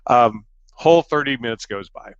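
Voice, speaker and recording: A man's voice: lowish voice, a little fast, fairly bright tone, dry recording, highs cut off. A middle-aged man giving an education webinar talk, a chatty storyteller with self-deprecating humor and frequent fillers. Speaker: education presenter. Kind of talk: webinar talk with personal anecdotes.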